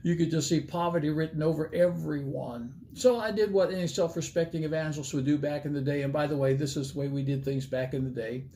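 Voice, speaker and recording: A man's voice: a little high, steady tone, a little fast, warm tone, slight background noise. An older man, an evangelist, telling a folksy story in a sermon and acting out the dialogue with animation.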